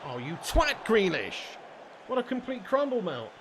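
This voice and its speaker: A man's voice: high voice, wildly swooping pitch, moderate pace, a bit bright, slight background noise. A young adult man streaming a football video game, trading sweary, mock-aggressive banter with his live chat.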